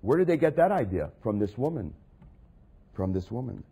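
Husky man preaching with dramatic swings. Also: medium pitch, very animated, moderate pace. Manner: dramatic, swings from quiet asides to loud acted quotes of Jesus. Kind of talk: sermon.

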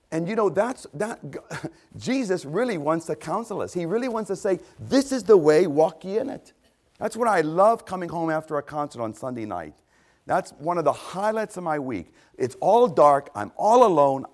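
An older man preaching a sermon, animated, swinging between loud exclamations and hushed asides. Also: a little high. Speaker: pastor.

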